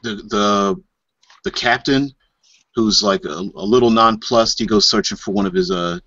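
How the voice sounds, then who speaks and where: A man's voice: lowish voice, lively intonation, moderate pace, vocal fry, bright, forceful tone, no room sound. A man narrating as game master of a tabletop game, casual and hesitant with fillers, in a dull lo-fi recording.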